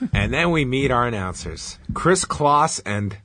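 Wry, animated man recapping. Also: mid-range voice, slow. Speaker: podcast host recapping a wrestling show. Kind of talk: casual chat.

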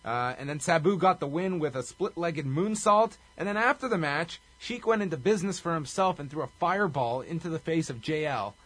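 A man's voice: a little high, brisk, hardly any pauses, fairly bright tone, slightly rough. A man co-hosting a casual podcast, recapping a wrestling show with a wry, chuckling delivery. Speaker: podcast co-host.

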